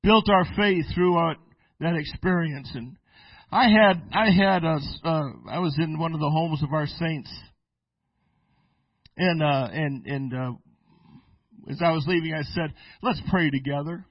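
A man who is a pastor, preaching a sermon and telling stories with restarts, sometimes slowing down and sometimes breaking into shouts. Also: on the high side, dry recording, dull audio. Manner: preaching with sudden shouted bursts and slow drawn-out phrases; storytelling with restarts and repeated words. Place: church sanctuary.

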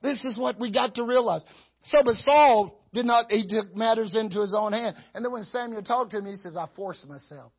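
A man preaching a lively sermon as pastor, chuckling and acting out how he talks to himself. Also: high voice, fairly quick, slightly rough, highs cut off.

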